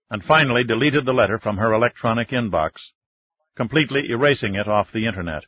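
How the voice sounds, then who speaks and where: A man narrating an audiobook in a measured, even reading, recorded close in a studio. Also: medium pitch, no room sound. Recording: dull, dry studio reading.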